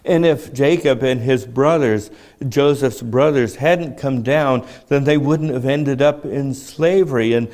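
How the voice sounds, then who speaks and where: A man in his seventies preaching a sermon in a measured, reflective way, often asking his listeners rhetorical questions. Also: medium pitch, a little mellow. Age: 70s.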